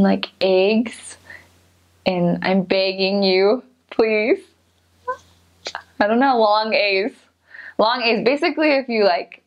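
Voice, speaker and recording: A young woman tells stories in an easy, chatty way, laughing between lines and leaning on "like". Her voice sits at an ordinary middle pitch. The recording sounds a little muffled and low-fi. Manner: chatty, giggly, many "like" fillers. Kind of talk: casual storytelling. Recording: slightly dull lo-fi sound.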